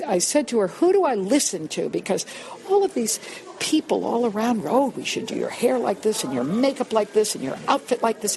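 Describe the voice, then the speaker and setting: An older woman from New York, a cabaret singer being interviewed, telling emphatic stories with many restarts. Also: on the low side. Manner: animated storyteller, emphatic, frequent restarts. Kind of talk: conversational interview, anecdotes.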